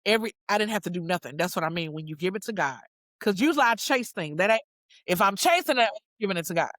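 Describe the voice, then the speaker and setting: An animated woman tells her story in loose, slangy talk, swinging her pitch high whenever she gets excited and acting out every quoted line. Her voice sits at a middle pitch, and the recording is dry and close with no room echo. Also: fast. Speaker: guest singer-songwriter. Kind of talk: casual storytelling chat.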